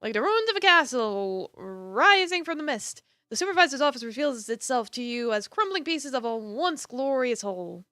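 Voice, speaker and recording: A woman streamer reading a visual novel aloud with expressive narration, broken up by casual asides and laughter. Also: high-pitched, moderate pace, few pauses, no room sound, studio quality.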